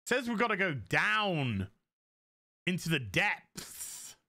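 A man talks his way through a video game in an unhurried, rambling flow, often muttering under his breath and dropping the odd curse. His voice is bright and lively, rising and falling a lot as he goes. He sounds like a host chatting casually over his own gameplay. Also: sits high, gravelly. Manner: mutters to himself, swears casually. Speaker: gaming channel host. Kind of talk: casual let's-play commentary.

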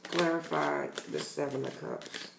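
A man's voice: fairly high pitch, sing-song, a little slow, gravelly, reverberant, noisy background. A man giving a casual tarot reading to his channel's viewers, talking bluntly and emphatically and swearing freely. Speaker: tarot reader.

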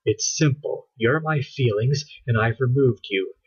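A man voicing a determined, bossy girl scientist, close to his own husky voice, on a dull lo-fi recording. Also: mid-range voice. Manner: brisk, matter-of-fact, near his own voice.

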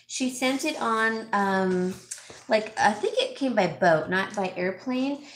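Middle-aged woman vlog host, unhurried and gushing, in a roomy echoey room with faint noise. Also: medium pitch. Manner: chatty, gushing, reads viewer names aloud. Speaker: vlog host, home stager. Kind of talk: casual live-chat haul vlog.

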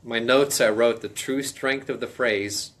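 A man teaching a casual Bible study in a folksy, emphatic way, now and then stressing phrases loudly. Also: mid-range voice, fairly even intonation, a little slow.

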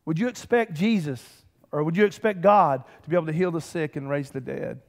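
A man, preaching a lively, conversational sermon with humor and calls to the congregation. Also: fairly high pitch, fairly quick. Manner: animated, conversational preaching with humor and audience call-outs. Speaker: pastor. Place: church sanctuary. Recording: church hall reverb.

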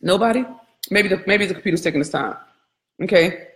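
A woman business coach giving a live training, candid and animated, swearing freely and calling her audience y'all. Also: mid-range voice, brisk, echoey room.

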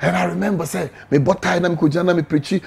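A man's voice: high voice, fairly even intonation, fast, vocal fry, husky. A middle-aged man with a Ghanaian accent giving an emotional testimony in an interview, mixing English and Twi as he tells his story. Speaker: interview guest, evangelist.

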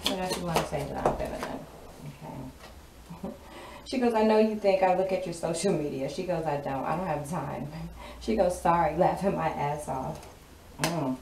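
This tarot card reader, a woman with a deep voice speaking at normal speed, gives a casual, sassy reading and repeats her lines for emphasis. The recording sounds roomy, from a distant mic, with clear background noise.

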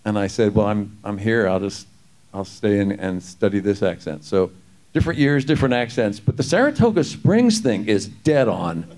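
A man telling lively stories at a convention panel, quick to act out other people's voices and to laugh. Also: fairly low pitch. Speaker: actor panelist.

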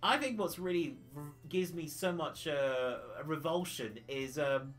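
A man's voice: on the high side, animated, unhurried, fairly bright tone, soft background music. A man from the UK chatting casually on a retro gaming livestream, rambling and laughing often.

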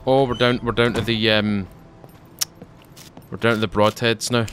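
A tired gaming channel host, a man with a lowish voice, plays through a let's play at a normal speed with little pitch movement. He chats and jokes throughout and talks back to the enemies on screen, all over a noisy background.

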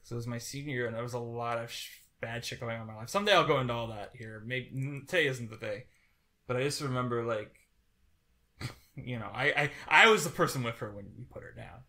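A young man in his twenties co-hosting a podcast, rambling in a halting way with many restarts and getting teary as he talks. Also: mid-range voice, bright, forceful tone. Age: 20s. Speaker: podcast co-host. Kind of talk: casual podcast chat.

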